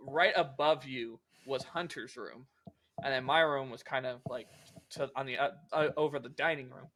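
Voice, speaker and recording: A man's voice: mid-range voice, fairly bright tone. A young man casually telling a long story on a podcast, rambling and swearing with lots of filler words. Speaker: podcast co-host.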